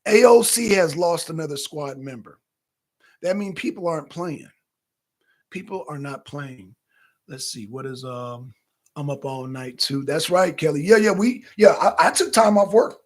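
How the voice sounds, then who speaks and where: Animated high-voiced man, husky. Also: unhurried. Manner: animated, profane, chatting directly to viewers. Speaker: political talk show co-host. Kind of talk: casual livestream commentary.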